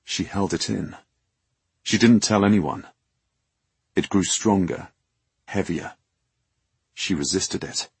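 Deep husky male audiobook narrator. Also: darkish tone, no echo. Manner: measured, dramatic. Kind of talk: scripted narration.

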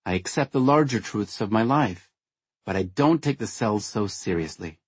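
A man voicing a witty young woman who lectures in a frank, lightly sarcastic way, with a husky tone. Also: lowish voice, animated, moderate pace, dry recording. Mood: frank, reflective. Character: witty teasing young woman, blunt and playful.

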